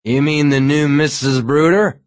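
A man voicing a gruff, drunk wedding guest on the phone, loud and slurring. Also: medium pitch, fairly even intonation, takes it slowly, dry recording, voice pushed up, full character voice. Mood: drunk jovial.

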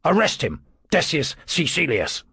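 A cold Roman dictator who gives orders calmly and without hurry, in a male narrator's reading. The voice is husky and dry. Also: fairly high pitch, a little slow, dry recording, pitched above the performer's own voice, exaggerated voice. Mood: commanding.

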